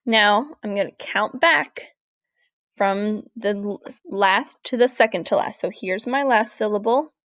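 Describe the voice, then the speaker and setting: A woman teaches a recorded grammar lesson in a clear, deliberate voice, slowing down to model each word. Her pitch sits in the middle for a woman. The sound is dry and close. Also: a bit bright, no echo. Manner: clear, deliberate, slows down to model Spanish words. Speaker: Spanish teacher. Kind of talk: recorded classroom lesson over slides.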